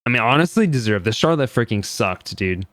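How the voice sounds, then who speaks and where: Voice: medium pitch, expressive, fairly quick, a bit bright, no echo. Offhand streamer musing over a game. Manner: offhand, rambling asides. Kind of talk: casual gameplay commentary.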